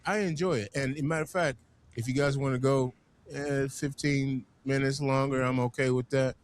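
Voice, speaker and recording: A man hosting a community podcast, talking in an animated, emphatic way and often repeating words as he gets going. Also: medium pitch, normal speed, slight background noise. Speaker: podcast host. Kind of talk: casual panel conversation.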